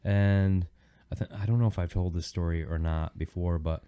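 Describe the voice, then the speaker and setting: A man's voice: sits low, steady tone, normal speed, warm tone, smooth. A man hosting a podcast, chatting casually and telling a story in a rambling way, with many "you know"s. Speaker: podcast host. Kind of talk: casual chat.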